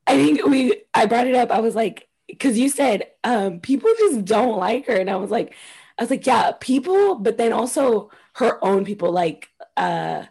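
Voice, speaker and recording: Young woman co-host, breathy higher voice, loose chatty and profane. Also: animated, moderate pace, darkish tone. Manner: chatty, swears freely, laughs often. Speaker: podcast co-host. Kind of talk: casual chat.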